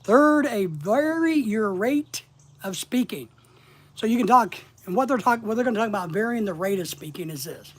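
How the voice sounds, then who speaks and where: With a slight Southern accent, a middle-aged man coaches viewers through a casual online business lesson on a livestream. His high voice is husky with a fairly bright tone, and he talks fast, rambling in a plain, conversational manner.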